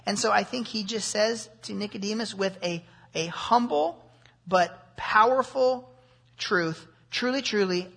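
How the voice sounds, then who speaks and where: A man's voice: sits high, husky. A man preaching an expository sermon, explaining a passage verse by verse and asking rhetorical questions. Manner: animated, with rhetorical questions and asides.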